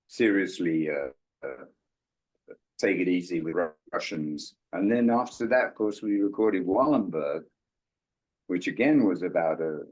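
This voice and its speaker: In a relaxed storytelling interview, an older man from England who is a musician recounts anecdotes, voicing the characters' lines with dramatic pitch leaps. His voice is husky, and the audio quality is poor.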